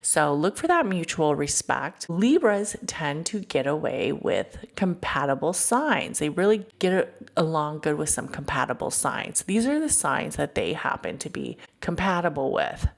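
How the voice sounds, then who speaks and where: Casting: young adult woman, low gravelly voice, chatty profane podcast storyteller. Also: unhurried, hardly any pauses. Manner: animated, profane, chatty with slang asides. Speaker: podcast host. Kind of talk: casual storytelling.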